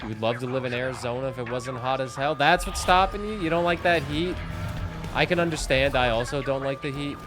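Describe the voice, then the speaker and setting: A young Canadian streamer with a medium-pitched, fairly quick voice jokes around and chats casually while gaming indoors at home. Game music plays in the background.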